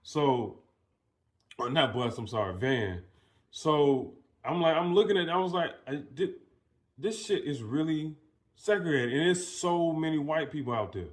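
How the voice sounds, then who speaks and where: A man's voice: a little high, lively intonation, a little slow. A man hosting casual commentary and telling a story in a loose, profane way, with many restarts. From United States. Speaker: commentary host.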